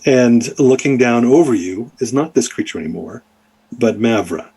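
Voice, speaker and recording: Husky-voiced man running a tabletop game. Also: mid-range voice, expressive, moderate pace, mellow. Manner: rambling, many fillers. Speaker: dungeon master.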